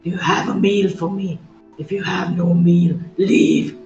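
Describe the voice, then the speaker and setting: A game master voicing a huge, spider-legged hag woman who speaks gruffly into the heroes' minds while chewing. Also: medium pitch, steady tone, slow pace, darkish tone. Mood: hungry, menacing. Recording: roomy, dull sound, faint music.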